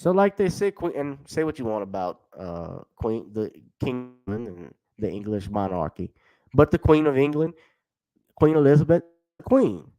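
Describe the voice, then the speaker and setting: A man's voice: mid-range voice, sing-song, normal speed, warm tone, poor audio. A man hosting a casual commentary stream, rambling conversationally and addressing viewers by name. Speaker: host.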